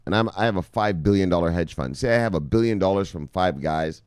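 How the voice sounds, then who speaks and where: A man presenting crypto news in casual, profane commentary, rambling and swinging from loud outbursts to muttered asides. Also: low-pitched, quick pace, smooth, dry recording, studio quality.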